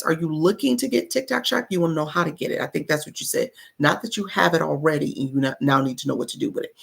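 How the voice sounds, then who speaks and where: A woman's voice: low-pitched, gravelly, husky. A woman coaching live-stream viewers in a chatty way, greeting people in the chat by name and laughing often.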